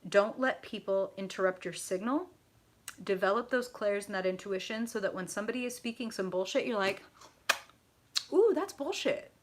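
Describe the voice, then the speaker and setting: A woman's voice: medium pitch, brisk, slight background noise. A woman hosting a live tarot reading, effusive and profane, chatting directly to her viewers.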